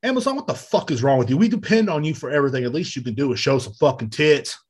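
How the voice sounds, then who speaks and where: A man hosting a podcast, ranting with loud, profane exasperation in a comedic monologue. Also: mid-range voice, expressive, fast talker, slightly rough. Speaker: podcast host. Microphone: podcast mic.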